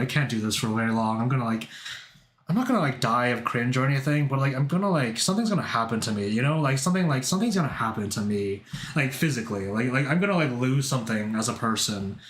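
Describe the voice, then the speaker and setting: A man's voice: mid-range voice, animated, quick pace, a bit bright, a little hiss or hum. A man streaming live, chatting casually to his viewers, rambling and self-mocking with lots of swearing. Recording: roomy echo.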